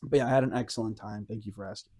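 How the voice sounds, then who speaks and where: A man co-hosting a casual podcast, telling a lively story with many fillers and frequent laughs. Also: fairly low pitch, very fast, breathy edge. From Arizona. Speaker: podcast co-host. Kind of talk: casual chat.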